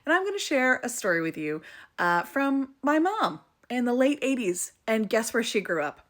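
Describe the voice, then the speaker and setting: A woman from rural Vermont telling a story in a casual storytime vlog, animated and playful with comic exaggeration. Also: on the high side, moderate pace. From rural Vermont, USA. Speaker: storyteller, mother.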